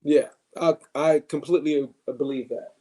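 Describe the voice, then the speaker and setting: A man's voice: fairly high pitch, steady tone, moderate pace, warm tone. A man hosting a live stream, chatting loosely about boxing, with many fillers and restarts.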